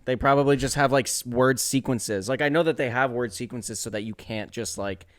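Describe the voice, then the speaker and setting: Ein Mann mit mittlerer, etwas tieferer Stimme plaudert locker als Co-Moderator eines Podcasts. Er reagiert schlagfertig mit Witzen und lacht schnell. Sein Ton bleibt ungezwungen. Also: male voice, mid-range voice, no room sound, clean studio sound. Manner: reactive, joking, quick to laugh. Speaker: podcast co-host. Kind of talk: casual chat.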